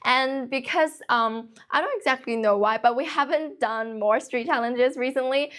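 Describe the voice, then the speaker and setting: A young woman in her late teens hosting a casual livestream, talking quickly and continuously with few pauses. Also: high-pitched, a bit bright. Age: young adult. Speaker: livestream host teaching English.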